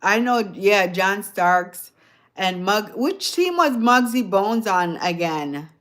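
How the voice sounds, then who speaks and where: A woman's voice: mid-range voice, expressive, takes it slowly, a bit bright. A woman with a light Jamaican accent rambling casually to her live viewers, chuckling often and asking them questions. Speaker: livestream host.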